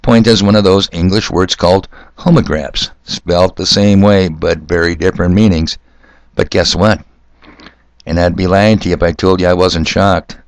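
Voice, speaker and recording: A man's voice: low voice, steady tone, moderate pace, no room sound. An older man hosting a solo podcast, talking in a sardonic, ranting way. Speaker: podcast host. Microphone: corded mic.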